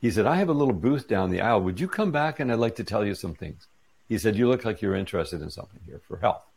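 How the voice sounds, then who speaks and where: A man's voice: lowish voice, fast talker, vocal fry, breathy edge. A middle-aged man, an interview guest, telling a personal story in casual chat and acting out the dialogue as he goes. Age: 40s or 50s. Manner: animated retelling with quoted dialogue.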